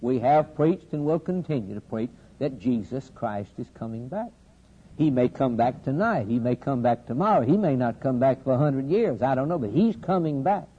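A man preaching a sermon, with a steady preaching cadence that builds to loud, emphatic climaxes with dramatic pauses. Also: medium pitch, husky. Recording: dull lo-fi sermon recording with faint hiss.

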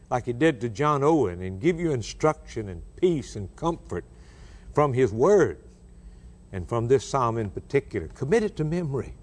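A middle-aged man preaching a sermon with passion, asking rhetorical questions and repeating phrases, dropping low and then rising into raised cries.

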